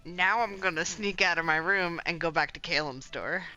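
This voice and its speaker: A woman player in a tabletop game, speaking softly and politely. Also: on the low side, normal speed, muffled recording, soft background music.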